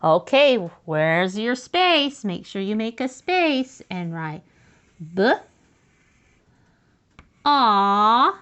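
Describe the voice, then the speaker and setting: Woman teacher, very slow and patient, sounds out letters for little kids, lively voice. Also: mid-range voice. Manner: encouraging praise. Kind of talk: slow step-by-step writing lesson for young children.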